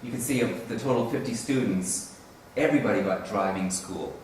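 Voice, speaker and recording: A man's voice: lowish voice, fairly quick, a little mellow. A man presenting at a teaching conference in a casual, rambling way, often correcting himself. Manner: rambling, self-correcting, chuckling. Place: conference room. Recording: roomy, distant mic with faint hiss.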